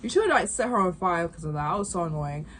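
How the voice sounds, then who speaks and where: A young woman in casual chat, rambling through a game recap with lots of fillers and quick asides. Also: on the low side, lively intonation, fairly bright tone, a little hiss or hum. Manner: rambling, full of fillers and acted quotes. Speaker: gaming vlogger recapping a game.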